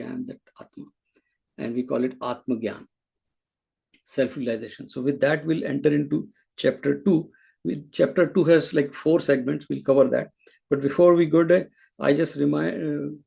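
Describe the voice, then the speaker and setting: A man's voice: medium pitch, vocal fry, mellow, husky. A man teaching a scripture class, explaining patiently with frequent restarts. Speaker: spiritual teacher.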